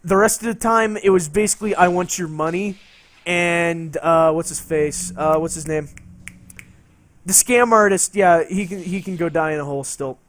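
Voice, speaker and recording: A man's voice: a little high, moderate pace, fairly bright tone, a little hiss or hum. A man streaming a game and telling a rambling story, swearing and laughing as he goes. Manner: rambling, profane, laughing between lines.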